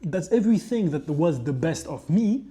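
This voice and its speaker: A man's voice: fairly high pitch, very animated, moderate pace, mellow. A man in his twenties with a French accent, talking casually to the camera in a rambling, profane vlog monologue with frequent asides. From France. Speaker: chef and fitness creator.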